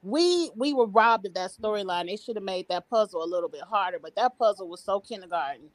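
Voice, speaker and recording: A woman's voice: medium pitch, lively intonation, fairly quick, no room sound. A woman hosting a casual recap chat over a video call, opinionated and blunt. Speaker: host.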